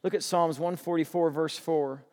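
A man's voice: fairly high pitch, fairly even intonation, darkish tone. Pastor guy preaching, earnest, leans hard on words, big echoey hall. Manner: earnest, emphatic preaching with slow stressed phrases. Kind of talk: sermon.

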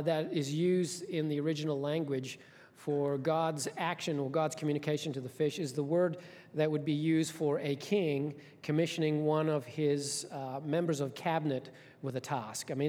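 A male pastor preaching with a notably high voice, lively and storytelling in manner. His words ring out with long reverb from a large church hall. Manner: storytelling, animated, conversational asides. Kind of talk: sermon.

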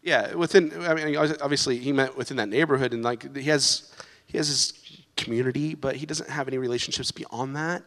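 A man telling a lively personal testimony in church, laughing as he recounts the story. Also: medium pitch, a little fast, hardly any pauses. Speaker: guest sharing a testimony. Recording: long reverb of a large hall.

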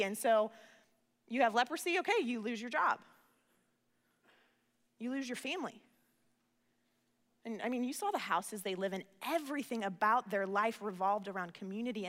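A woman preaches in a high, bright voice that carries through a reverberant hall. She talks earnestly and conversationally, often doubling words as she begins a thought. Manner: earnest, conversational, repeats words when starting phrases. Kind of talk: sermon.

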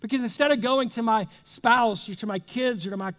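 Male pastor, high-pitched, chatty sermon delivery that slips into mini dialogues, long hall reverb. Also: a little fast, a bit bright. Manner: conversational, acts out little dialogues.

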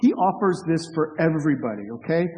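A man's voice: on the high side, lively intonation, fairly quick, a little mellow, in a large hall, low-quality recording. A man preaching a sermon as pastor, earnest, with humorous asides and frequent restarts.

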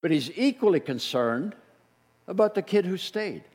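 A middle-aged man preaching a sermon as a pastor, telling the story in an animated way and acting out the voices he quotes. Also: high voice, moderate pace, slightly rough. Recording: long reverb of a large hall.

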